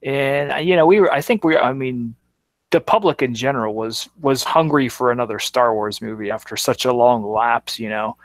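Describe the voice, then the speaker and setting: A man's voice: medium pitch, normal speed, dry recording. A man in his thirties, a guest in a casual chat, talking in a reflective, rambling way.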